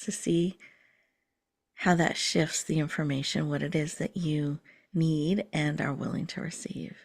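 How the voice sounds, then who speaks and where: A woman host leading a slow, soothing guided breathing meditation, sometimes dropping to a whisper. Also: sits low, steady tone, vocal fry.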